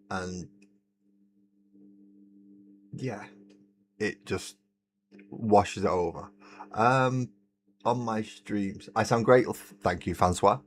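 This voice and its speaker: A man's voice: low voice, slight background noise. A man hosting a casual livestream, chatting and laughing often as he paints miniatures at a desk mic. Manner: chatty, laughs often, reads out chat messages. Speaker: livestream host. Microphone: desk mic, moved close to the face.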